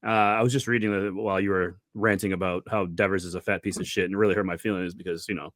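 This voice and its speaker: A man's voice: low-pitched, steady tone, dry recording, studio quality. A man co-hosting a casual sports podcast, teasing his partner and joking along. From Boston area. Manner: wry, quick to laugh and tease. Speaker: podcast co-host.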